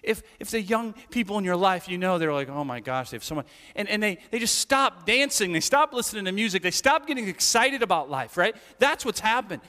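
Animated high-voiced male pastor preaching. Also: fairly quick, hardly any pauses, big-room sound. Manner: conversational, animated, asks rhetorical questions. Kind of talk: sermon.

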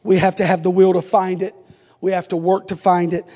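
A man in his forties, a pastor preaching a sermon, telling a humorous family story that builds into fervent, shouted appeals. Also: sits high, level tone, brisk. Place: church sanctuary. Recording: long reverb of a church sanctuary.

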